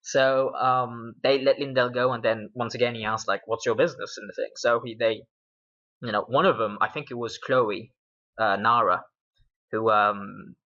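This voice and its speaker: A man's voice: medium pitch, fairly even intonation, unhurried, sharp tone. A man from Britain, a game master, casually recapping his tabletop sessions in a rambling way with plenty of fillers. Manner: rambling, with many fillers and laughs. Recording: dull lo-fi recording.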